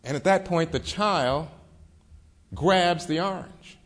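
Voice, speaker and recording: A man with a slightly higher voice recounting a true story in a vivid, dramatic way, pacing his scenes and acting out the people in them. He speaks as a storyteller holding a room. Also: takes it slowly. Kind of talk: storytelling talk.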